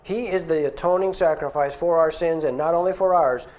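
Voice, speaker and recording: A man's voice: fairly high pitch, a little fast, a little mellow. Earnest man preaching a sermon. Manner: conversational, earnest preaching with rhetorical questions.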